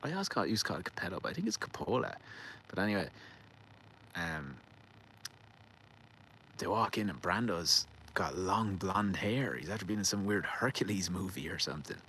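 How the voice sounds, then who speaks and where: This Irish vlogger, whose voice sits very low, wanders through a foul-mouthed, easygoing tale out in a garden, chuckling freely and stumbling over names. His delivery is animated and sharp at a normal speed with long pauses, while a soft outdoor hum runs under the low-quality recording.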